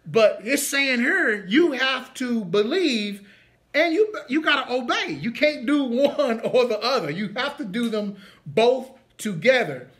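High-voiced emphatic Bible study teacher. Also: male voice, lively intonation, fairly bright tone. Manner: emphatic, drawn-out stresses on key points. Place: congregation meeting room.

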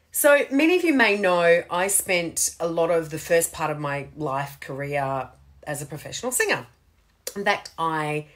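Woman in her forties or fifties, casual daily vlog, self-deprecating, animated intonation. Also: lowish voice. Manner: chatty and self-mocking, laughing often. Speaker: vlogger. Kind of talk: casual daily video chat.

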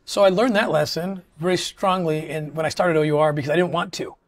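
Speaking as a guest in a relaxed interview, a middle-aged man talks earnestly in a steady, slightly high voice. He is halting and frequently restarts what he's saying.

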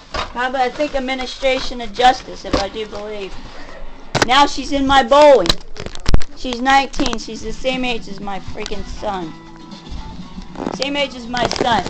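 A woman's voice: high-pitched, poor audio. A woman in her forties venting in an angry, rambling, profane monologue. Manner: furious, profane, rambling rant. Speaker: vlogger.

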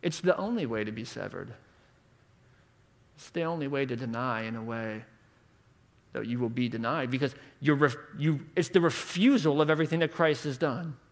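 A man in his thirties preaching a conference sermon with rhetorical questions, moving between hushed and emphatic delivery. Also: mid-range voice, normal speed.

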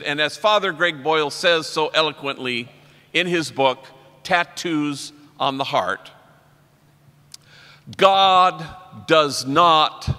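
A middle-aged man, a priest, telling wry stories in a religious talk and slowing down for his punchlines. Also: a little high, bright, forceful tone. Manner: wry, anecdotal, slows down for punchlines. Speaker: priest giving a keynote talk. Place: large convention hall. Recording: long reverb of a large hall.

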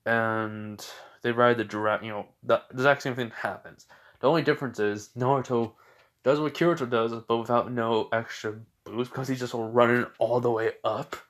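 A man's voice: mid-range voice, fairly even intonation, moderate pace, fairly bright tone. A young man casually improvising a fan fiction story, rambling with many fillers and self-corrections.

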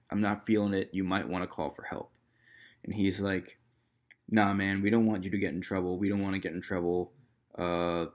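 A young man casually telling a personal story to camera in a loose, rambling way, full of fillers and quoted dialogue. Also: deep voice. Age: young adult. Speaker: vlogger.

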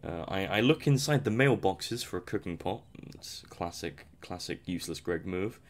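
A man's voice: deep voice, animated, moderate pace. A young man giving casual, rambling commentary over a survival game, self-mocking and chuckling often. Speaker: gameplay commentator.

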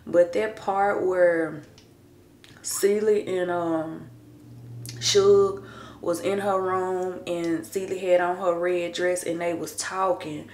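A woman in her thirties talks slowly and casually at home, rambling from one thought to the next. Her voice sits a little low, with a roomy echo around it. Now and then she drops into hushed asides. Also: steady tone, a little hiss or hum. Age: 30s. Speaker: vlogger. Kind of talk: casual chat to camera. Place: at home getting ready.

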